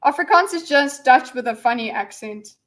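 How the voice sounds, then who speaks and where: A woman's voice: sits high, animated, normal speed, a bit bright. A woman hosting a casual livestream, rambling and reading viewers' messages aloud with lots of fillers and restarts. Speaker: livestream host.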